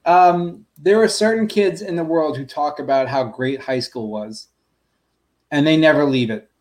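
A man's voice: on the high side, a little slow, a little mellow. A man on a podcast ranting bluntly, swearing often in casual chat.

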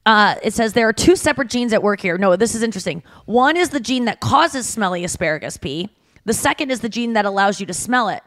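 A woman's voice: fairly high pitch, fairly bright tone. A woman co-hosting a casual podcast, chatting and reading out fun facts and online posts. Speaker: podcast co-host.

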